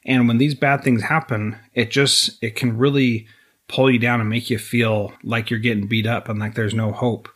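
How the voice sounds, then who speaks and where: A man's voice: medium pitch, flat delivery, normal speed, a bit bright. A man hosting an interview, talking in an earnest, reflective way with small restarts. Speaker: podcast host interviewing a guest. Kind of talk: conversational interview.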